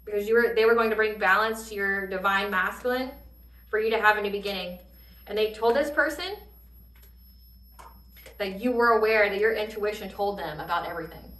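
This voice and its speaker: Bright-voiced woman giving a tarot reading. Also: medium pitch, fairly quick, long pauses, reverberant, recorded from a distance, low-quality recording. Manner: animated, swears freely, laughs often. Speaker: tarot reader.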